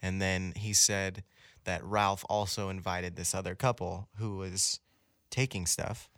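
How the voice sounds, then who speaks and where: A man's voice: low-pitched, steady tone, unhurried, fairly bright tone, dry recording, clean studio sound. A man earnestly recounting an emotional experience in casual conversation, restarting his sentences often.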